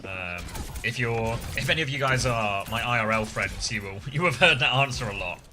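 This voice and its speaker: A man's voice: medium pitch, lively intonation, moderate pace, background noise. A man casually co-streaming an esports match from the south of England, chatting with his viewers and laughing often. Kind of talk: casual live co-stream commentary.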